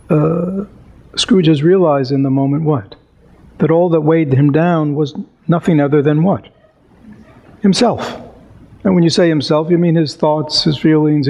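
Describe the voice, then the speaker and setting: A man giving a dharma talk as a meditation teacher, reading a story and then reflecting aloud. He is unhurried, with many fillers and rhetorical questions. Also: fairly high pitch, creaky, a little mellow, muffled recording.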